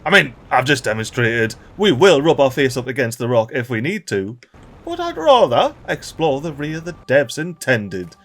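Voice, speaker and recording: A man giving casual gameplay commentary as a let's-play host, excitable and exclamatory, full of slang and chuckles. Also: mid-range voice, moderate pace.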